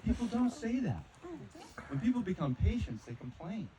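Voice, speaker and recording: Lively dry-witted stand-up dad. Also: male voice, high voice, normal speed, rough recording. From North Carolina. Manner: dry self-deprecating punchlines. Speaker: amateur stand-up comic, a physician. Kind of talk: stand-up comedy routine. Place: wedding party venue. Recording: crowd laughter and applause.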